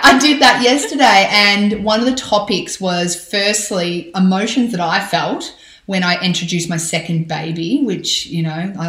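A woman in her thirties, a parenting podcaster, giving advice in an animated, chatty conversational interview full of fillers and restarts. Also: fairly low pitch. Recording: roomy echo.

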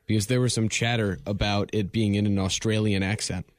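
Man, low voice, radio co-host, short laid-back remarks, dry sound. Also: little pitch movement, fairly quick, dry recording. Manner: brief laid-back interjections. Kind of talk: casual sports talk radio.

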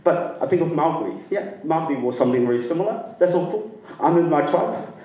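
A middle-aged man from Sri Lanka telling a funny personal story to a live audience, lively and self-mocking, often laughing. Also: fairly high pitch, fairly quick. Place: performance venue. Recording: roomy sound from a distant mic.

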